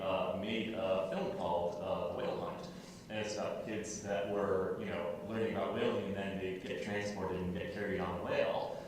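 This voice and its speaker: A man's voice: deep voice, a little hiss or hum. A man speaking on a convention panel, hesitant, with many fillers. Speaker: panelist educator. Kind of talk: panel discussion. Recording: distant mic in echoey hall.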